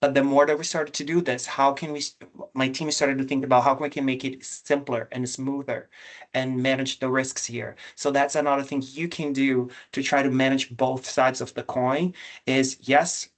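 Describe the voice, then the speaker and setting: A man's voice: mid-range voice, flat delivery, normal speed. A man speaking as a government director on a virtual panel, earnest and reflective, openly emotional at times, over a video call. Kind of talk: panel discussion.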